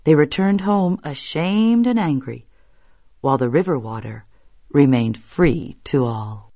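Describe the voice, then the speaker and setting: A woman reading folktales aloud as a storyteller, measured and expressive. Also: low voice. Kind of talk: scripted narration of folktales.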